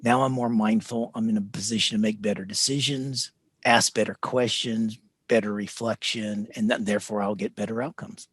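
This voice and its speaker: Animated man, dry close sound. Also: on the low side, breathy edge, no echo. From United States. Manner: animated, gets excited then deliberately slows and calms his voice. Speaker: guest, leadership coach. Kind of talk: interview over video call.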